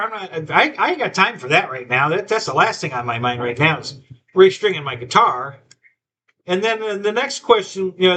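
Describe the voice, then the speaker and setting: Chatty high-voiced man telling a story. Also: sharp tone. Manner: rambling storyteller, many restarts, quotes himself and others. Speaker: host. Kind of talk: casual live-stream chat.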